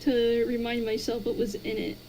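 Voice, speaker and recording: A woman streamer chatting as a guest with dry, deadpan humor. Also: a little high, normal speed, a little hiss or hum, low-quality recording. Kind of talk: casual chat.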